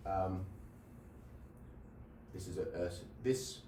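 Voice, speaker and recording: Speaking slowly in a deep, mellow voice, a man lectures on logic in a classroom with a board. He restarts phrases, repeats himself, and checks with "right?". The mic is far off in an echoey room, with slight background noise.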